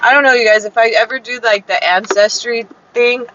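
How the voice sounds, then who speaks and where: On a live stream, a young Chicana woman tells a story in a casual, chatty way, leaning on fillers and quoted lines. She speaks a little fast, her pitch on the high side, her tone steady and sharp. Faint noise sits under a slightly dull, lo-fi recording.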